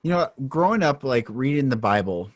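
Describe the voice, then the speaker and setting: A man hosting a casual conversation, gentle and affirming in manner. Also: medium pitch, animated, normal speed, no room sound, studio quality. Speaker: podcast host.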